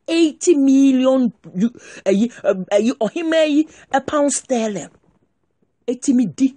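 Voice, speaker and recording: Animated Ghanaian woman ranting on politics. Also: on the high side, no room sound, clean studio sound. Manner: animated, mixing English with Twi, repetitive. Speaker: show host. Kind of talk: political commentary rant.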